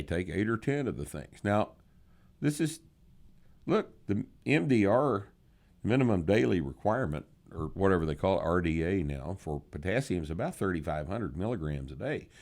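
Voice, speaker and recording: An older man hosting a podcast Q&A, answering listener questions in a blunt, sardonic way with some swearing. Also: on the low side. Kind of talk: casual podcast Q&A.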